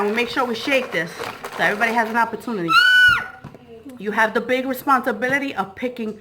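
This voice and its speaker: A woman's voice: high-pitched, fairly quick, pushed and bright, faint music behind. A woman hosting a family vlog giveaway, playful and bubbly, laughing often and a bit out of breath.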